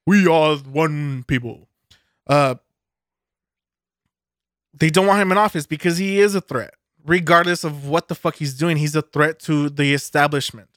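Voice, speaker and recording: Fired-up cynical man, slightly high voice. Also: fairly even intonation, fairly quick, few pauses, a bit bright, dry recording, clean studio sound. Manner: fired-up, cynical, swears heavily. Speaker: podcast co-host. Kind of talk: casual profane rant.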